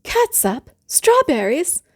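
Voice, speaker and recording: A woman voicing a flustered, indignant mother in a storybook reading, shrill and scolding. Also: sing-song, measured pace, a little mellow, no room sound, studio quality, full character voice.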